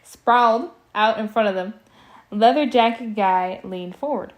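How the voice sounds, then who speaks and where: A woman's voice: medium pitch, fairly even intonation, a little slow. Casual woman reading a storybook aloud. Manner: stumbles over words and adds joking asides. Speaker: audiobook reader. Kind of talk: casual amateur audiobook reading with commentary.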